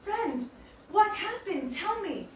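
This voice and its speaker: Casting: woman doing a playful young male god-king, wondering and lively, higher voice. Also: measured pace, a little hiss or hum. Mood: musing. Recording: echoey hall, distant mic.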